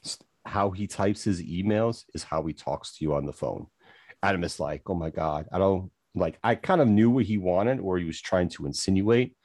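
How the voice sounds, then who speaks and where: A man's voice: low voice, moderate pace, a little mellow, husky, dry recording. A man co-hosting a podcast, ranting with profanity and exasperation in casual chat. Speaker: podcast co-host.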